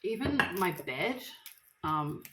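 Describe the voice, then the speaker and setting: Very noisy audio captures a woman with a lowish, very animated voice speaking slowly as she cooks and chats to camera in her echoey home kitchen, pots and dishes clattering. Her eyes are watering from the onions she's chopping, and she keeps complaining about the sting while poking fun at herself.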